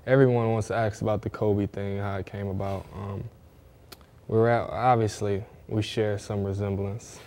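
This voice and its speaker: Laid-back young man, low mellow voice. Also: level tone, normal speed. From Northwest Ohio. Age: young adult. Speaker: athlete guest. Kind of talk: casual interview.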